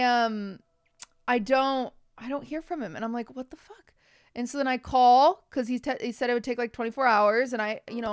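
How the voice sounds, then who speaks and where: A woman's voice: on the high side, clean tone. A young woman streamer telling a long, stressed story to her chat in a rambling way, acting out the people she quotes. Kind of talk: casual chat to stream viewers.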